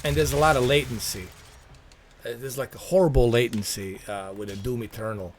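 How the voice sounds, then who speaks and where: Male streamer, middle pitch, exasperated ranting gameplay commentary over faint background noise. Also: fairly even intonation, fairly quick. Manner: ranting, repetitive, exasperated, mimics viewers. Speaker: gaming livestreamer.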